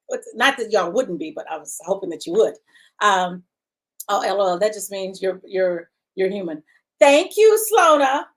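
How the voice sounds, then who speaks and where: A woman hosting a live online talk show, chatting casually and laughing with her viewers. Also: fairly high pitch. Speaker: host. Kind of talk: casual livestream chat.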